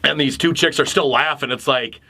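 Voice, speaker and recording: A man co-hosting a casual podcast chat, telling a story in an animated, profane way. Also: mid-range voice, moderate pace, gravelly. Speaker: podcast co-host.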